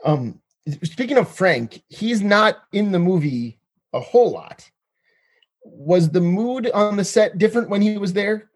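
A man's voice: sits high, expressive, a little slow. A man co-hosting an interview who gushes enthusiastically about funny moments. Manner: enthusiastic, laughing, gushing. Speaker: podcast co-host. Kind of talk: casual interview chat.

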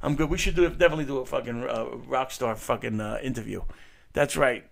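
Profane gravelly male call-in host. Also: medium pitch, fast. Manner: profane, loud, crude joking. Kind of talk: casual call-in show banter.

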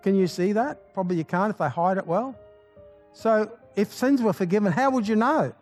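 High-voiced man preaching a fervent sermon. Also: animated, moderate pace, a little mellow, faint music behind. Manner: exclamatory, rallying the congregation; folksy asides and rhetorical questions. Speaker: pastor.

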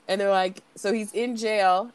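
A young woman co-hosting a podcast, chatting casually and retelling scenes in an animated way. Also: mid-range voice, a little slow, clear, resonant tone. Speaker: podcast co-host. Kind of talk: casual chat.

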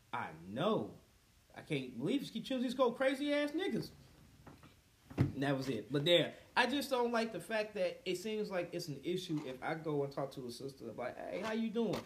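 A man's voice: high-pitched, moderate pace. A young man in casual podcast chat, telling profane stories and acting out the people he quotes. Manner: profane, animated storyteller who acts out quotes.

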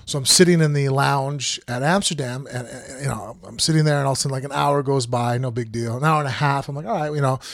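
A man's voice: medium pitch, quick pace, gravelly, hardly any pauses, no room sound. A man co-hosting a podcast, telling a long travel story in a casual, rambling way and acting out quoted lines. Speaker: podcast co-host.

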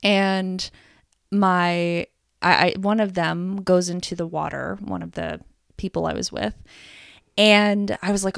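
Gravelly-voiced woman, reflective chat. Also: on the low side, steady tone, slow, no echo, clean studio sound. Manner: reflective, hesitant, many ums. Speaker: podcast co-host. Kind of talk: casual chat.

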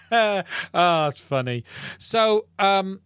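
A man hosting a live-stream podcast in a chatty, rambling way. He speaks a little higher than most men. The sound is dry and close on a podcast mic. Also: a bit bright, clean tone, no echo. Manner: chatty, rambling, with many fillers and restarts. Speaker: podcast host. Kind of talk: casual live-stream chat. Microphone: podcast mic into a mixing console.

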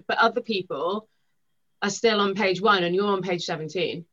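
A young woman, a podcast guest, talking quickly and animatedly, acting out the things people said. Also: on the low side, slight background noise. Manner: rapid, animated storytelling with acted-out quotes. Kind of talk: podcast conversation. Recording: dull lo-fi sound.

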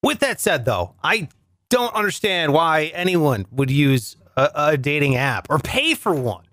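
A man's voice: on the high side, measured pace. A man riffing through a sarcastic comedy monologue, his voice leaping up and down as he lands punchy lines. He records alone at home, and the sound is dry and close, with no room echo. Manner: sarcastic, punchy joke delivery, lively voice swings. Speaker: comedian host. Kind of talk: comic monologue.

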